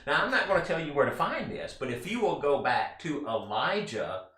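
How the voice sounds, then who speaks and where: A man teaching a conversational Bible study lesson in an earnest, chatty way, with quick asides to his listeners. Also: fairly high pitch, sing-song, bright, forceful tone. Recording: echoey room.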